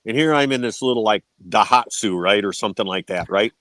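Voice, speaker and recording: A man's voice: on the low side, a little fast, a bit bright, dry recording. A man telling war stories as a podcast guest, swearing freely and tagging his sentences with "right?". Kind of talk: casual storytelling.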